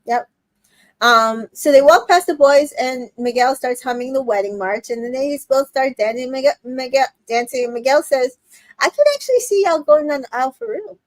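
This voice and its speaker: A woman with a high voice chats through a reality show recap. She quotes the cast in quick little voices, and the sound is dry and close to the mic. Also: no room sound. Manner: retells scenes quoting the cast in quick voices, many fillers. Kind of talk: casual recap chat.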